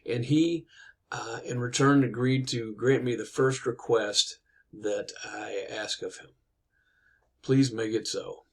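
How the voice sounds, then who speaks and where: A man's voice: medium pitch, slow, vocal fry. A man voicing a bold, insistent old woman in a casually told story, plain-spoken and persuasive. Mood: pleading.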